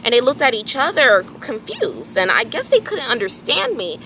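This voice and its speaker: A woman telling a personal story in a casual, animated way, acting out bits of dialogue and swearing freely. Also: sits high, moderate pace, slight background noise, poor audio. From Houston area, Texas. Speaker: vlogger.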